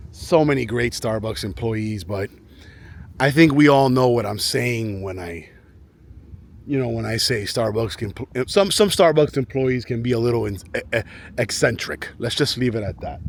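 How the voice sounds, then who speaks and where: Outdoors in a residential neighborhood, a vlogger chats casually to the camera, rambling and often repeating himself as he restarts sentences. His voice is medium-pitched and his pace measured.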